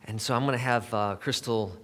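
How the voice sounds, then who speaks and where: A man preaching a sermon in a conversational, halting way, with many fillers and restarts, sometimes dropping to a soft near-whisper for emphasis. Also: fairly low pitch, in a large hall, a little hiss or hum.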